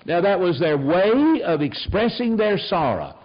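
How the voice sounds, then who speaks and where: An older man preaching a sermon, telling stories in an animated, emphatic way. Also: sits high, measured pace. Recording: dull lo-fi sound.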